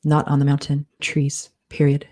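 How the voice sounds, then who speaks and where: A woman author dictating her novel live, slowly reading out each comma and period as she composes. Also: low voice, monotone, darkish tone. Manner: slow, measured, speaking punctuation aloud. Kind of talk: live dictation of fiction with spoken punctuation.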